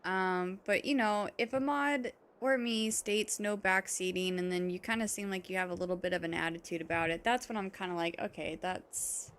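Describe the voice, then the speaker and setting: A woman's voice: mid-range voice, fairly quick, hardly any pauses, a bit bright. A woman game streamer talking to her chat in a casual, gushing and emotional way.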